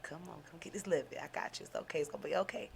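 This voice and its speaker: A woman voicing a tender, grandmotherly divine presence that comforts softly. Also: fairly low pitch, rapid-fire, gravelly, noisy background. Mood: soothing. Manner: soft, soothing, hushed.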